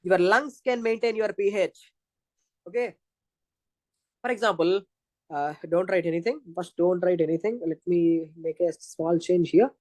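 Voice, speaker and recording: In a dry recording, a man with an Indian English accent teaches physiology in an exam-prep lecture. His voice is high-pitched and a little slow, and he repeats points as he explains them step by step.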